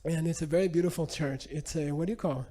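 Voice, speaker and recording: A Buddhist teacher tells a lively story to his audience, with many relaxed asides as he goes. His man's voice sits slightly high but sounds warm and mellow. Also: fast talker. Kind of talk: storytelling talk.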